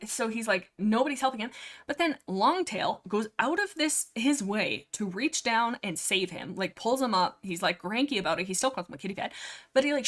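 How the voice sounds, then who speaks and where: A young woman with a Canadian accent, hosting a casual book discussion livestream and rambling excitedly with lots of fillers and restarts. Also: fairly high pitch. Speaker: livestream host.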